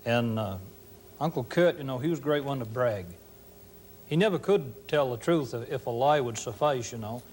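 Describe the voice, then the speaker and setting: Sex: man. Role: storyteller. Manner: easygoing, homespun, dry humor. Pitch: medium. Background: faint noise. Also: normal speed, darkish tone. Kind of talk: folksy storytelling.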